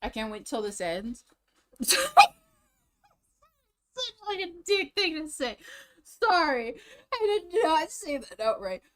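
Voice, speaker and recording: A woman's voice: high voice, very animated, takes it slowly, pauses often, a bit bright, slight background noise. A young woman live-streaming, chatting casually and rambling, out of breath after eating. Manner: rambling, restarts sentences, chatty.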